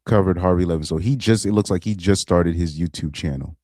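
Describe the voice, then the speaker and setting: A man's voice: low voice, brisk, dark tone, no echo, studio quality. A man casually commenting on a live stream, rambling and repeating himself. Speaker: live streamer reacting to videos.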